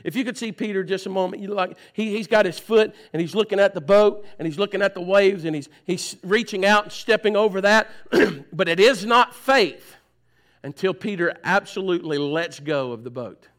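A pastor delivers a sermon at normal speed, swinging from loud, urgent passages to soft, low pleading. He repeats phrases for emphasis.

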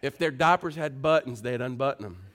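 A preacher man delivering a sermon to his congregation. He talks in a mid-range voice with a conversational, earnest tone and grows animated when he tells a story. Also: brisk. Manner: animated, rising to high excited pitch when telling stories.

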